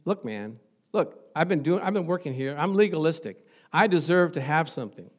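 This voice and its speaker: A man preaching acts out a resentful older son, complaining loudly to his father. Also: a little high, expressive, brisk. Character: resentful older brother, young man, sulking.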